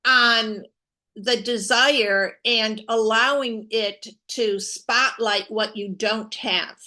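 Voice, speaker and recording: A woman's voice: on the high side, sharp tone. A woman co-hosting a live spiritual talk show, teaching in an earnest way with emphatic repetition. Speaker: co-host.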